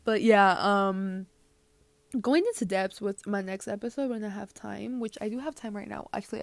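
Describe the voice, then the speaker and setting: A woman's voice: mid-range voice, creaky, dry recording. A young woman hosting a podcast, rambling through a casual, joking rant and dropping into whispered asides. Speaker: podcast host.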